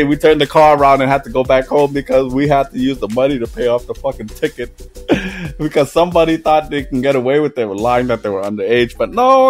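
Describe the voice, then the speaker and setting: A man in his twenties telling a story in a casual podcast chat, laughing often and swearing freely. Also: medium pitch. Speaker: podcast host.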